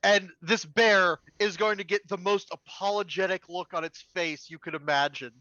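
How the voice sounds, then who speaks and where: A man's voice: high-pitched, steady tone, moderate pace, bright, forceful tone, no echo, dull audio. A man playing a tabletop game, eagerly and playfully describing his character. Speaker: player.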